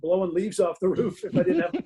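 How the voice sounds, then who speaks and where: A man's voice: high voice, brisk, mellow, slight background noise, low-quality recording. A middle-aged man in a casual interview as a guest author, telling self-mocking stories from his home den and laughing through them.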